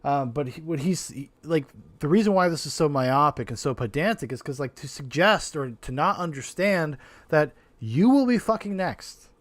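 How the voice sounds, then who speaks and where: Animated, foul-mouthed podcast host man. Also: on the high side, normal speed, dry recording. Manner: animated, profane, rambling with restarts. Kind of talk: casual podcast commentary.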